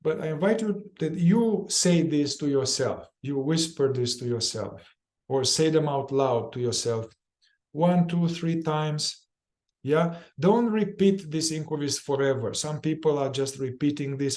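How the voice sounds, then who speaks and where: A fairly high-pitched, somewhat mellow male voice guides a somatic therapy group. Speaking casually, he circles back to the same phrases and dramatizes inner voices with quick chants and swearing.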